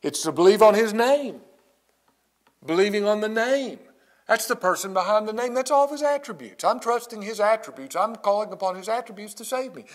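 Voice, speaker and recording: A middle-aged male pastor preaching a sermon slowly and emphatically, with long dramatic pauses and drops to near whispers. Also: high voice, lively intonation.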